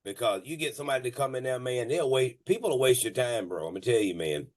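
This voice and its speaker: A man who owns a moving company, telling stories on a casual podcast, animated and profane, laughing and restarting his sentences. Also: mid-range voice, fast talker. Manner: many restarts and repeated words.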